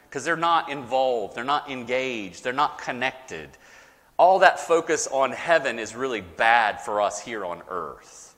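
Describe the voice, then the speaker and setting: Lively preaching man in a reverberant hall. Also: mid-range voice. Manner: lively preaching with dramatic pauses and rising emphasis. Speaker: pastor. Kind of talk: sermon.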